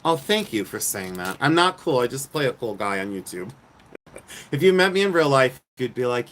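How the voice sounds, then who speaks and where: A middle-aged man from the United States, a jewelry reseller, chats with his livestream viewers outside at night, poking fun at himself. He speaks at medium pitch and a moderate pace, with lively intonation.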